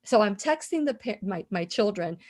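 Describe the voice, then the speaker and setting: A woman's voice: medium pitch, expressive, normal speed, darkish tone. A middle-aged woman hosting a radio interview, telling a personal story in an impassioned, emphatic way and often repeating her words. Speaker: radio show host.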